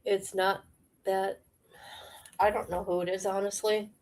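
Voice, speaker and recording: A woman's voice: mid-range voice, flat delivery, unhurried, a little mellow. A woman streamer delivering a confrontational, rambling rant to her viewers, full of fillers and repeated challenges. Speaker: live streamer. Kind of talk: ranting live stream monologue.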